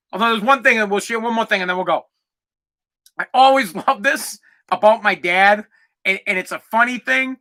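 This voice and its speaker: A man's voice: high-pitched, pushed and bright. A man in his forties hosting a solo podcast, talking in an emphatic, profane, fired-up way. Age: 40s. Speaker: podcast host.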